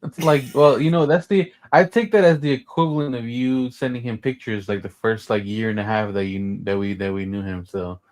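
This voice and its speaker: A man's voice: medium pitch, steady tone, fairly quick, few pauses, darkish tone. A man co-hosting a livestream, thinking aloud and musing in casual chat. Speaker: livestream co-host.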